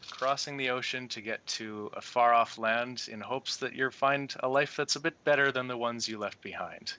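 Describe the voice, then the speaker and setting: A man's voice: mid-range voice, pushed and bright, lo-fi sound, slight background noise. A man narrating as game master of a tabletop game in an easygoing, descriptive way.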